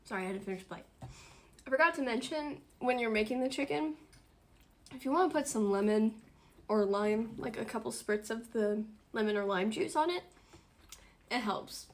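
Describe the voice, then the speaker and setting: A slightly high, animated voice at normal speed, pausing often, belongs to a woman in her twenties hosting a dinner stream from home. She chats casually, talkative and giggly, laughing frequently.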